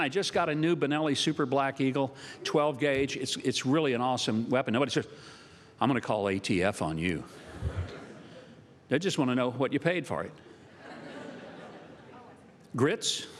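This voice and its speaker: A man's voice: a little high, fairly bright tone. An older man with a Southern American accent giving a humorous, folksy speech to university students, with punchy comic timing. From Southern United States. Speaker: speaker addressing university students. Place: large auditorium. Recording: long reverb of a large hall.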